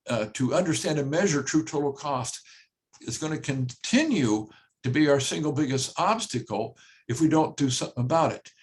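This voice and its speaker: An older man, a home builder, presents a workshop in a plain-spoken, conversational way, often repeating his key phrases and pausing with "uh". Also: a little high. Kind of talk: conversational webinar talk.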